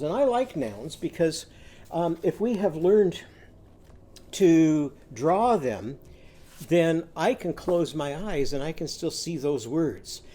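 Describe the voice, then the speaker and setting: A man leading a children's literacy lesson at an unhurried, deliberate pace. His voice sits somewhat high yet sounds mellow and soft-edged. He patiently walks young listeners through sounds and letters. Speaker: teacher.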